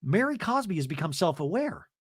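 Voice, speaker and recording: A man's voice: high voice, fairly quick, slightly rough, no room sound, studio quality. A man hosting a podcast, recapping a reality show in a casual, rambling, laughing comedic style. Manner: animated, rambling, laughs often. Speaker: podcast host.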